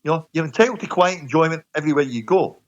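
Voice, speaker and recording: A man talks football as a guest in a slightly high voice. He is opinionated and casual, restarting his sentences and leaning on "you know" and "mate." The sound is dull and lo-fi. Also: rapid-fire. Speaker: guest pundit. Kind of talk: casual sports radio chat.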